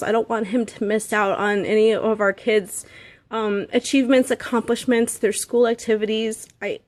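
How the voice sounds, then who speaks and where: Earnest, emotional woman with a high voice. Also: no echo. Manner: earnest, halting, gets emotional. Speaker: direct sales seller. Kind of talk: casual motivational talk to her team.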